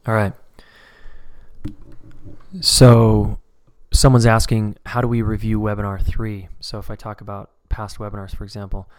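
A man's voice: on the low side, level tone, moderate pace, darkish tone. A man teaching a live online course, talking casually and acting out short example conversations as he explains. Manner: conversational, acts out dialogues. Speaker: course instructor.

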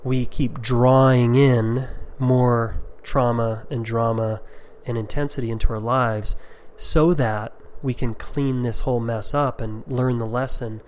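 A man's voice: mid-range voice, fairly even intonation, measured pace, few pauses, a little mellow, a little hiss or hum. A middle-aged man teaching a class on emotional repair in a conversational, rambling way with many ums and asides.

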